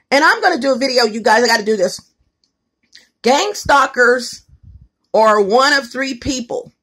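In a casual phone vlog shot in her home kitchen, a woman speaks in a rather high, fairly bright voice. She addresses viewers head-on, stressing her words and repeating herself.

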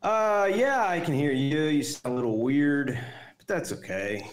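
A man calling into a livestream show, talking in a hesitant, relaxed way with many fillers. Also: on the high side, unhurried, slight background noise. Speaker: caller.

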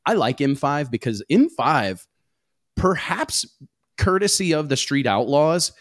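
A man hosting a casual talk show, energetic and rambling as he plugs partners and events. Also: fairly high pitch, measured pace, dry recording, clean studio sound. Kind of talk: casual podcast chat.

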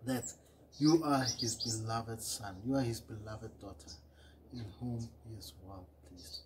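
Earnest male preacher, soft trailing phrases. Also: fairly low pitch, fairly even intonation, measured pace, background noise. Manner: earnest and repetitive, often trailing off quietly at phrase ends; reads scripture aloud, correcting himself with small apologies. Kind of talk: short devotional sermon.

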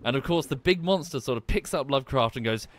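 A man's voice: mid-range voice, animated, fast. A man streaming a game, talking casually and wryly, with the odd curse. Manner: chatty, wry, swears casually. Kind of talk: casual gameplay commentary.

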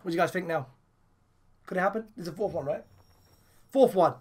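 A woman with a hoarse, partly lost voice giving casual commentary on her game pulls, excitable and bursting into laughs and shouts. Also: fairly low pitch, fairly quick, faint music behind. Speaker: gaming channel host.

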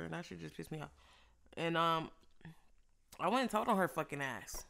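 A young woman casually telling a story while eating, animated and profane, laughing often. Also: fairly low pitch, measured pace, vocal fry, long pauses. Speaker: vlogger.

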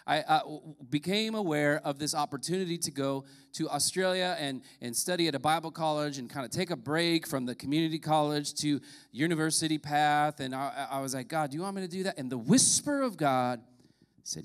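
A man's voice: a little high, a bit bright. A pastor in his late thirties or forties preaching a sermon, telling a personal story earnestly with emphatic rises.

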